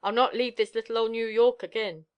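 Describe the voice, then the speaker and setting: Reader doing a husky destitute woman in a storybook, sullen and sneering, coarse slang, louder than the narration. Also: mid-range voice, moderate pace, highs cut off, natural voice. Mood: weary.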